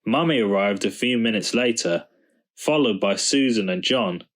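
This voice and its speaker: A man reading a children's storybook aloud, in slow, measured storytelling. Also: on the low side, expressive. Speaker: storybook reader.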